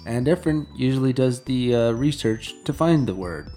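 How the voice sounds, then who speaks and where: A man's voice: medium pitch, lively intonation, moderate pace, few pauses, dark tone. Chill guy hosting a podcast, jokey, faint music behind. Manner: easygoing, lightly joking. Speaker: podcast host. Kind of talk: casual chat with show segues.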